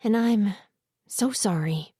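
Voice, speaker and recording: A woman voicing a caring werewolf mother who speaks softly and gently. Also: mid-range voice, moderate pace, no room sound, clean studio sound, natural voice. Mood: gentle. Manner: soft, gentle.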